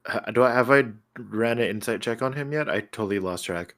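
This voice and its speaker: Excitable rambling man playing a tabletop game. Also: medium pitch, brisk. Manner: excitable, rambling, self-correcting. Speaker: player. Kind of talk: casual tabletop game chat.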